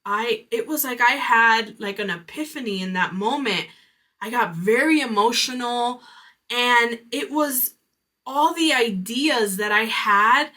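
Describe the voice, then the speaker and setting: Bright-voiced woman telling her story. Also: a little high, measured pace. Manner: candid, reflective, many "like" fillers. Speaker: podcast host. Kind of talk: personal storytelling monologue.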